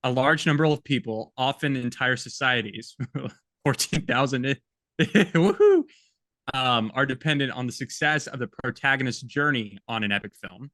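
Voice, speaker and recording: A man's voice: mid-range voice, brisk, few pauses, pushed and bright, no room sound. A man co-hosting a film podcast, chatting casually and jokily and reading passages aloud. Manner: chatty, jokey, reads quotes aloud. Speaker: podcast co-host. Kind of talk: casual film-review chat.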